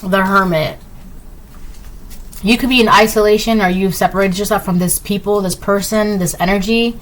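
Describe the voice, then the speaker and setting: A woman's voice: mid-range voice, fairly even intonation, moderate pace, low-quality recording. Rambling, breezy woman tarot reader. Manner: rambling, full of "like" and "right?"; breezy and dismissive, repeats "blah, blah". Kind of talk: casual tarot reading to camera.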